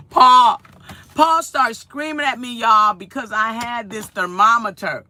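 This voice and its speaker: Taking her time in a slightly high voice, this vlogger chats with viewers from her home kitchen. Her story rambles along animatedly, with phrases coming up again and again.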